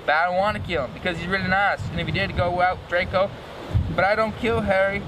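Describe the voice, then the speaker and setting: A man voicing a dramatic, angsty gothic teenage girl with a squeaky, overwrought delivery. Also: steady tone, fast, distant mic, noisy background, close to an everyday voice. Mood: angry.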